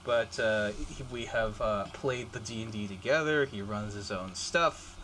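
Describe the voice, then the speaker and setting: A man's voice: lowish voice, a little slow, sharp tone, slight background noise. A man co-hosting a podcast, chatting casually with lots of laughs and restarts. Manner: laughing, rambling, many restarts. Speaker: podcast co-host. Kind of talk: casual chat.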